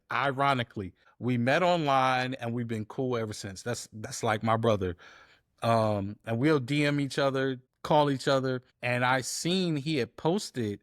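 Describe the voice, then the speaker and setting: Recorded in studio quality with no room sound, a man with a mid-range voice appears as a guest, a DJ and editor, in a casual interview. He tells stories lively, performing the quoted dialogue as he goes.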